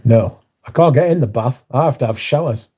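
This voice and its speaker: A man's voice: medium pitch, fairly quick, warm tone, breathy edge. A man hosting a livestream, chatting casually and reading out viewer comments in a rambling, plain-spoken way. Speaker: livestream host.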